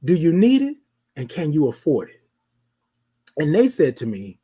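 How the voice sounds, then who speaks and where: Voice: mid-range voice, wildly swooping pitch, moderate pace, pauses often, breathy edge. A live-show host giving a motivational talk, repeating phrases and often asking listeners rhetorical questions. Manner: repetitive, preacherly, asks the audience rhetorical questions; addresses listeners as ladies and gentlemen.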